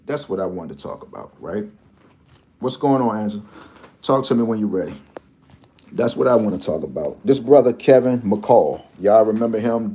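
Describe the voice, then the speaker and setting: A man's voice: fairly low pitch, mellow. A man hosting a lottery channel, talking in a rambling, repetitive, teasing way with speech. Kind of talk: casual commentary.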